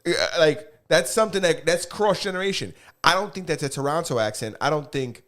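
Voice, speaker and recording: A man's voice: a little high, animated, fairly quick, a bit bright. Joking New guy on a podcast. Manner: joking banter, swears freely. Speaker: podcast co-host. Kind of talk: casual chat.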